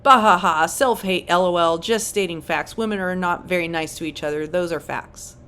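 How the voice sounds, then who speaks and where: A woman's voice: lowish voice, normal speed, a bit bright, clear, resonant tone, lightly acted. A woman voicing a dismissive, mocking female online fan who scoffs and brushes people off.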